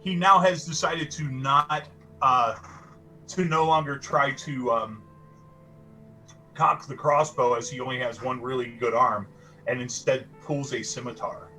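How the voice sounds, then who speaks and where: A man's voice: medium pitch, fairly even intonation, a little slow, sharp tone, soft background music. A man narrating as game master of a tabletop game, often stumbling and repeating words as he describes the action.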